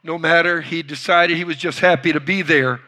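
A man preaching a sermon, retelling a story with dramatic swings from loud bursts to hushed lines. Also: on the high side, fairly even intonation, moderate pace. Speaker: pastor.

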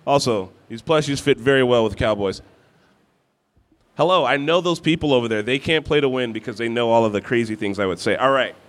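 A man's voice: medium pitch, brisk. Joking man co-hosting a con game. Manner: easygoing, joking, calls out to the crowd. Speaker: guest co-host. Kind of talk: live game hosting banter. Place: convention stage before a live audience.

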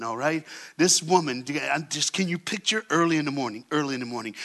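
A man preaching as a guest speaker in a church, telling a story dramatically and calling on the congregation to answer back. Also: medium pitch. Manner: dramatic storytelling, swings from hushed to shouting; call-and-response with the crowd. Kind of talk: sermon. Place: church stage.

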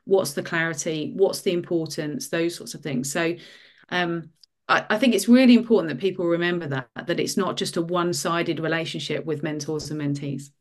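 A woman, a guest author, giving career advice in a casual interview, lively and full of ums. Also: fairly low pitch, fairly quick.

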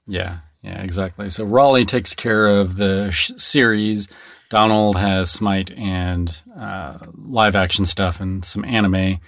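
A man chatting casually as a game localization producer, relaxed and halting with many fillers. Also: low voice, creaky, dry recording, clean studio sound. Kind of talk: casual podcast chat. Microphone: close studio mic.

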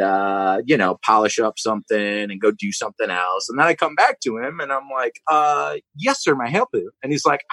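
A man hosting a podcast, telling animated, profane stories in casual chat. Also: mid-range voice, normal speed, dry recording, rough recording. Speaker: podcast host.

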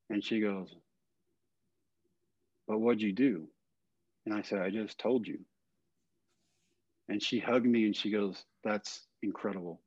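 An older man with a low voice tells a personal story in an earnest, plain-spoken way, often dropping softly at the ends of phrases. The audio is dry and a little dull, like a lo-fi podcast recording. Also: no room sound. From Texas. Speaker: guest.

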